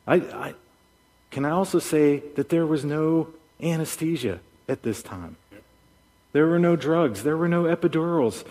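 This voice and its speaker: A man preaching a sermon as pastor, an animated storyteller who acts out voices. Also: fairly high pitch. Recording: long hall reverb.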